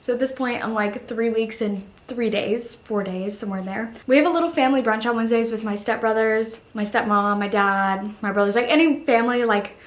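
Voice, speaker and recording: Young woman vlogger, chatty storyteller, bright higher voice, roomy echo. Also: a little fast, few pauses. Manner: chatty, lots of "like", giggly asides. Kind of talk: casual storytelling to camera.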